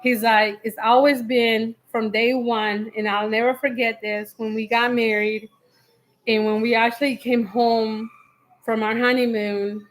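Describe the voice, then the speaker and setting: A woman telling a story from her marriage in a live Q&A, animated and acting out both sides of a quarrel with laughs. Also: on the high side, measured pace, rough recording.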